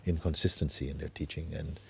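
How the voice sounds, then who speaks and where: A man acting as a spiritual teacher, talking gently and unhurriedly in an informal talk, often adding tag questions like "you see". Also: extremely low pitch, little pitch movement, a little fast, vocal fry, breathy edge.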